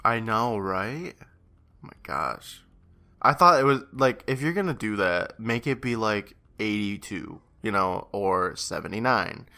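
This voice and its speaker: Man, podcast co-host, low but bright voice, very lively, wry banter. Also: unhurried, gravelly. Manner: animated, wry reactions with swearing and laughs. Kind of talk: casual chat.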